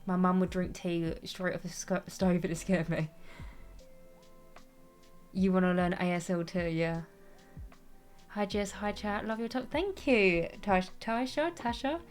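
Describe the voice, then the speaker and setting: A young woman streams with soft music in the background, her fairly low, darkish voice steady and measured, broken by long pauses. She chats casually while gaming and reading chat aloud, rambling, self-deprecating, and laughing often.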